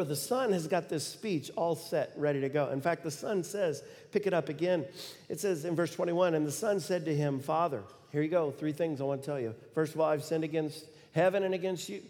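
A middle-aged man preaching a sermon, telling a story in an animated way and acting out the quoted lines with sudden loud bursts. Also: fairly high pitch. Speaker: pastor. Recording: long reverb of a large hall.

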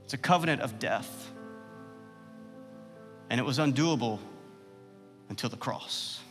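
A man's voice: a little slow, a bit bright, in a large hall, soft background music. A man preaching a sermon with passion, asking the listeners questions and letting his voice swell at key points. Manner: passionate, rhetorical questions, swells in pitch and volume. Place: church sanctuary.

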